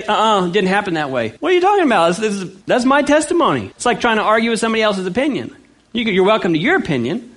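A man from California preaching a sermon, emphatic and full of rhetorical questions, swinging from low earnest lines to loud ones. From California, USA. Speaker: pastor.

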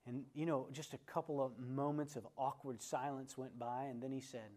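A man at a middle pitch teaches a Bible lesson in a relaxed, conversational way. He tells a story, then turns to the class with questions and calls on listeners by name. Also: normal speed.

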